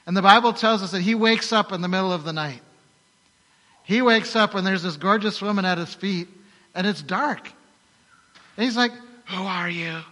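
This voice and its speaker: Bright-voiced preacher telling a story. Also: male voice, high voice, moderate pace. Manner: animated storytelling with rhetorical questions. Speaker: pastor. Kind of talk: sermon. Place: large church hall. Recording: long hall reverb.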